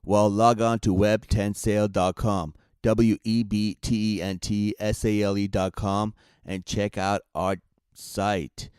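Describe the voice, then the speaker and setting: Low, smooth-voiced man reading an ad. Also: flat delivery, slow, darkish tone, no echo, clean studio sound. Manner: plain, direct salesman pitch. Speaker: ad reader. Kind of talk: read commercial spot.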